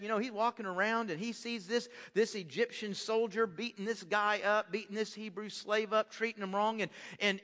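A man preaching in a church, his voice pitched high and bright. He talks in an animated way, often stumbling and repeating words as he starts a sentence. Long reverb hangs behind him, as from a large hall. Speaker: pastor. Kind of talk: sermon. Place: church sanctuary.

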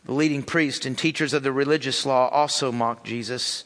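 A man's voice: medium pitch, fairly even intonation, normal speed, few pauses, a bit bright, big-room sound. A man preaching a sermon and reading scripture in an earnest way, repeating his phrases, in a church sanctuary. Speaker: pastor.

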